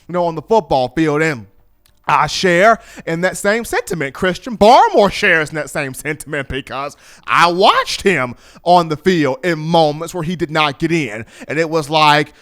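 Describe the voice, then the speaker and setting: A man hosting a sports talk show, talking in an animated, playful storytelling manner. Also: a little high, moderate pace. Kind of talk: energetic sports talk commentary.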